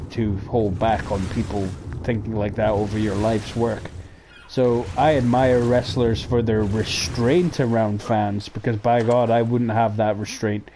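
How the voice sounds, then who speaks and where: A man hosting a casual talk show, ranting heatedly with lots of swearing, jumping between loud outbursts and low mutters. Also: noisy background. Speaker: podcast host. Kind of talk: casual opinion rant.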